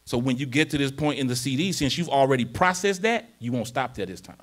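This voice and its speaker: The speaker is a male pastor with a mid-range voice, lively intonation, and a fast delivery. Preaching informally in church, he keeps checking in with the congregation about whether they're following, then rises to a louder, more emphatic tone when he reads scripture.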